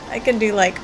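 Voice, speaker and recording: A woman's voice: a little high, low-quality recording. A woman hosting a gameplay video, chatting casually and laughing often as she plays. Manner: chatty, laughs often, reads dialogue aloud. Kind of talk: casual let's play commentary and reading game text. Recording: background music under voice.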